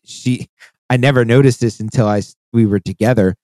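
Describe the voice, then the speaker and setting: A man co-hosting a podcast in casual chat, excitable and profane, laughing often. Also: mid-range voice, brisk, no echo. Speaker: podcast co-host.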